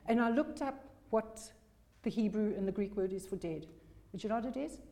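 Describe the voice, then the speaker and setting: A woman delivers a sermon in a mellow, warm voice. She is emphatic and hammers home key phrases through repetition. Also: mid-range voice, lively intonation, fairly quick. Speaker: preacher.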